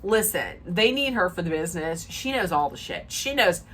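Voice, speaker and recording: A woman's voice: on the low side, sing-song, moderate pace, fairly bright tone, slight background noise. A woman giving a chatty, opinionated recap rant, emphatic and rambling with sarcastic asides. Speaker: reality TV recap vlogger.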